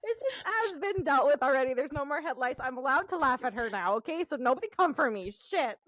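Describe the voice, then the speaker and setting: A woman with a high voice tells a rambling story in casual podcast chat. She swears freely, laughs often and talks in an animated way. The sound is dry and close. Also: a little fast, no echo. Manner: animated, profanity-laced storytelling with frequent laughter. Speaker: podcast co-host.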